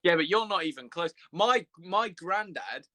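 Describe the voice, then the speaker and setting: A man's voice: high-pitched, expressive, moderate pace, noisy background. A young man, chatting casually on a live stream, laughing often and rambling with restarts. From England.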